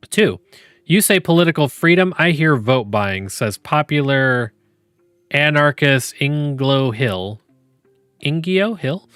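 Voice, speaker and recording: A man's voice: on the high side, fairly bright tone, dry recording. A man hosting a podcast, joking and laughing often as he reads game prompts aloud to his chat. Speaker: podcast host.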